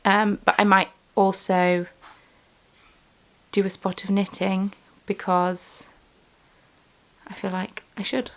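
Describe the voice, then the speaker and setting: A woman's voice: medium pitch, little pitch movement, slow pace, long pauses. A woman running a small craft business, talking in a chatty, rambling way with lots of ums in a casual vlog. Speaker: small business owner and vlogger.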